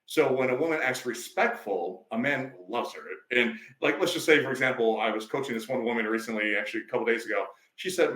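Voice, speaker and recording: A man's voice: medium pitch, fast talker, hardly any pauses, fairly bright tone. Life coach guy on a podcast, preachy storytelling, echoey room. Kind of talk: conversational podcast interview.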